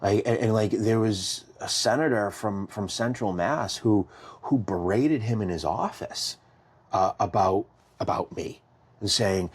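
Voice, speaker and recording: A man from Massachusetts telling his story as a podcast guest, animated and full of restarts, acting out what others said. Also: fairly low pitch, normal speed, husky. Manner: animated, repeats and restarts, acts out quotes. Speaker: guest, survivor advocate.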